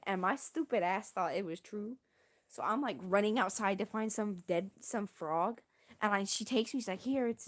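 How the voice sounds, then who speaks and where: Young woman streaming, rambling + slangy, laughs at herself, normal pitch. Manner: rambling, self-deprecating, slangy. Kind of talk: casual storytelling.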